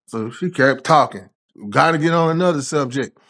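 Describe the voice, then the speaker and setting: A man's voice: a little high, moderate pace. A young man telling casual, slang-heavy stories with a lot of swearing. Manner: animated, swears freely, slangy. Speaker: storyteller. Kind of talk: casual anecdotal storytelling.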